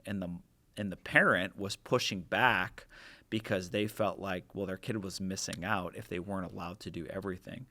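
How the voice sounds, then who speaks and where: A man's voice: sits low, fairly even intonation, normal speed, bright, forceful tone. A man co-hosting a faith-based podcast about fatherhood, reflective and telling stories from his youth ministry days in casual chat. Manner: reflective, tells stories, many likes and restarts.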